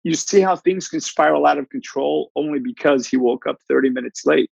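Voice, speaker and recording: A man talks as a podcast guest with a gravelly, breathy grain in his voice. He tells everyday stories bluntly and swears casually. His recording sounds dull and dry, as if it came through a lo-fi mic. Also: a little high, a little fast, no echo. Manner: blunt, animated storyteller who swears casually. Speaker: life coach and podcast guest. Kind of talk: casual interview storytelling.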